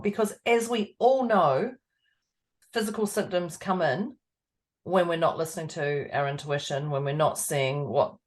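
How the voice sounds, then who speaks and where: Husky-voiced Australian woman podcast host. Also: deep voice, unhurried. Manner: chatty, laughs often, playful. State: husky, throat going hoarse. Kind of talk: casual chat.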